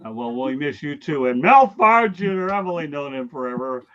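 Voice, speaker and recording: Loud high-energy male sports show host. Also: animated, normal speed. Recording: dull lo-fi sound.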